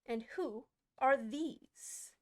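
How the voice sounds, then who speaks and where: A woman voicing a shrill, furious queen of cards who barks orders in a screaming voice for an audiobook. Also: very slow. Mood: imperious. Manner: imperious barked orders. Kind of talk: audiobook character voice.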